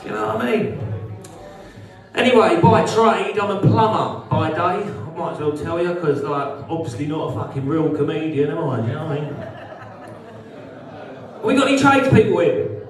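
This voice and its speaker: A man's voice: fairly high pitch, moderate pace. A man from Essex with an Essex accent doing a crude, sweary stand-up set, bantering with the crowd. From Essex, England. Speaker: stand-up comedian. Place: social club stage. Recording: echoey club room, mic from far off.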